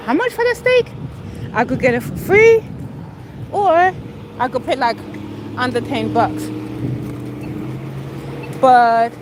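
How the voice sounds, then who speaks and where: A young woman chats on a casual livestream in a high voice. She talks slowly and bluntly, with plenty of sass. Clear outdoor noise runs behind her. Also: rough recording. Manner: blunt, sassy storytelling. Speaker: vlogger.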